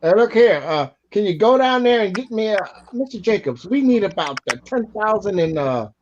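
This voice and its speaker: A mock-polite gift-card scammer, as a man puts him on, coaxing and wheedling. The voice is pitched high. The audio is dull and muffled, with a faint hiss. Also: expressive, normal speed. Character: smooth-talking male gift-card scam caller.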